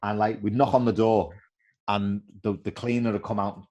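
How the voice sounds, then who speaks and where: Man, middle-aged, low voice, lively anecdotes, casual interview. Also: moderate pace, highs cut off. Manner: animated storyteller acting out quoted voices. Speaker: former footballer guest.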